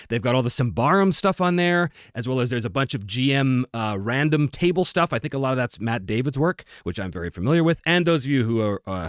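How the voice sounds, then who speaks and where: A man's voice: medium pitch, no echo, clean studio sound. Chatty man hosting a tabletop RPG show. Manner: chatty, loose, with many fillers and restarts. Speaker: host of a tabletop RPG channel. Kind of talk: casual sponsor read.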